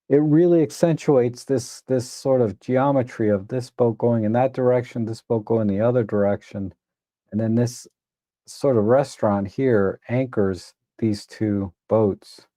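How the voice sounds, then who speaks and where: A man hosting a live photo editing stream, reviewing viewers' edits in a relaxed, rambling way with many restarts. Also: mid-range voice, a little slow, dry recording, clean studio sound. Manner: relaxed, rambling, self-correcting with frequent restarts; tired, admits yawning. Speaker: photo editing livestream host. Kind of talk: casual live commentary.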